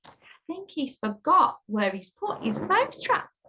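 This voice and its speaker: A woman's voice: sits high, big pitch swings, slow pace, bright, forceful tone, a little hiss or hum. A woman reading a picture book aloud to children, chatty and playful, stopping to ask the listener questions. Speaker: storyteller. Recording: dull lo-fi recording.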